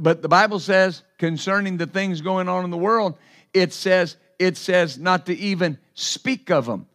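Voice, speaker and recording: A man's voice: high voice, a bit bright. A man preaching a sermon as pastor, emphatic and repetitive, with asides to the congregation.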